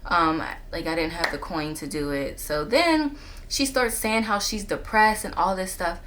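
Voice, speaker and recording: A woman talking straight to her camera in a casual storytime monologue, retelling a story with animated jumps in pitch when she quotes people. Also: unhurried. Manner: animated retelling, jumping up in pitch when quoting herself and others. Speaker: vlogger telling a personal story. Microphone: camera on a stand.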